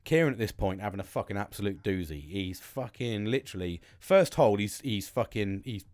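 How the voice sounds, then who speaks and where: A man's voice: lowish voice, lively intonation, fairly quick, darkish tone, no room sound. Sweary rambling British man. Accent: British English. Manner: sweary, rambling, many restarts. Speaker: podcast host. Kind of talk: casual rambling monologue.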